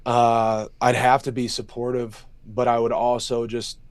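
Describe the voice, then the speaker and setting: A young man speaking in an even middle register, very dry and close to the mic with no room sound. He tells stories in long, loose runs, swears freely and gets openly emotional. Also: medium pitch, a little slow, no room sound. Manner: open and emotional, heavy swearing, loose run-on storytelling. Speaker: MMA fighter, interview guest. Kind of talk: candid emotional interview talk.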